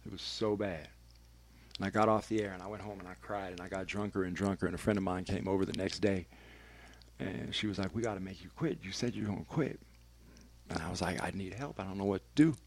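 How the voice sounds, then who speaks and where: A man's voice: sits low, quick pace, slight background noise. A man, a radio personality, telling a candid and emphatic personal story as a podcast guest, swearing freely.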